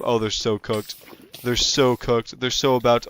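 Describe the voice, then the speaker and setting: A man's voice: medium pitch, level tone, moderate pace, a bit bright, smooth. A young man chatting casually on a livestream, rambling with lots of fillers and restarts. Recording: dull lo-fi sound with faint music behind.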